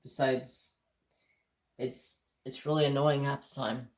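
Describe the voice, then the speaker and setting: A man's voice: mid-range voice, steady tone, slow pace, roomy sound. A man with an American accent hosting a casual livestream chat, rambling and swearing as he tells stories, with hiccups. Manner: rambling, profane, easygoing storytelling. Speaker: craft channel host.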